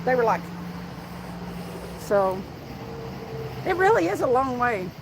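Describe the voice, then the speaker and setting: Against a noisy background, a Southern-accented woman hosts a relaxed outdoor fishing stream. Her voice is on the high side and creaky, moving slowly with big swings in pitch. She chats with viewers, reads their comments, and tells stories.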